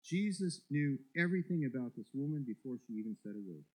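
A man's voice: mid-range voice, lively intonation, fast, poor audio. A male pastor preaching a sermon, emphatic and repeating words as he builds each point.

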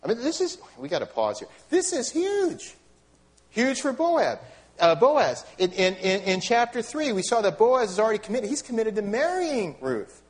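A middle-aged male pastor preaching a sermon in a conversational, animated way, asking the congregation rhetorical questions and adding wry asides. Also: high-pitched, normal speed.

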